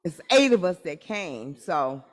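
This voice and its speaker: A woman's voice: lowish voice, very animated, a little slow, in a large hall. A woman eagerly greeting a church assembly, saying how thrilled she is to be there. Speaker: church member.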